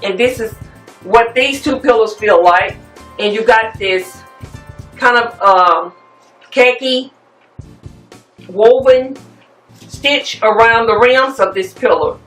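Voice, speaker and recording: A woman, chatting casually and rambling a little as she shows home decor finds to her viewers. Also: fairly high pitch. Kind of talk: casual show-and-tell chat. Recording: echoey room, mic at a distance, soft music.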